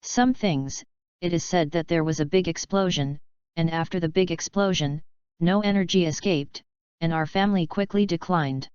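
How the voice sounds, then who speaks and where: A woman's voice: on the low side, normal speed, darkish tone, clean tone, no room sound, natural voice. A woman voicing a humble, fearful male alien officer who speaks with constant deference. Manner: deferential, keeps saying sir. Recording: dull lo-fi audio.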